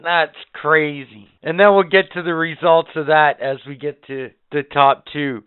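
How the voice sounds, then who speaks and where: A man hosting a casual podcast, counting down favorite moments with excited, profane storytelling. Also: a little high, measured pace, clear, resonant tone. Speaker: podcast host. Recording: phone-like narrow band.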